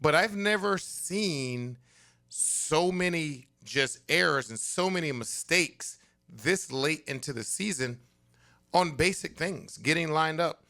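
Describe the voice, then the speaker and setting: A man's voice: on the high side, expressive, slow pace, pushed and bright. A man who once played quarterback, explaining football plays on a sports radio show. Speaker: former pro quarterback guest.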